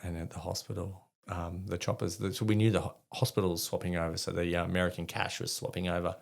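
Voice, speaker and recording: An Australian army veteran in his forties, telling a story as a podcast guest, animated and laughing as he acts out voices. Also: low voice, fast, creaky. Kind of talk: casual storytelling.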